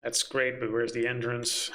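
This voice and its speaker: A man's voice: mid-range voice, completely flat delivery, a little slow, sharp tone. A man running a tabletop game, muttering and swearing to himself as he hunts for his notes. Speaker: game master.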